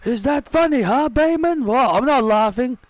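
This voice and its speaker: A man's voice: very high voice, lively intonation, normal speed, dry recording. A man doing an angry sore-loser wrestler. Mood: sneering. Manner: taunting, threatening.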